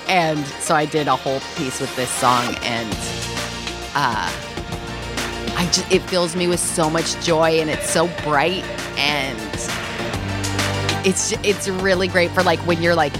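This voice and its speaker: A woman in casual podcast chat, animated and laughing often. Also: low voice.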